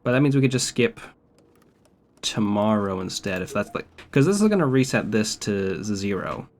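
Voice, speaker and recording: With a lowish, sing-song voice at normal speed, a man streaming a video game offers casual commentary. His remarks are wry, laid-back and peppered with profanity.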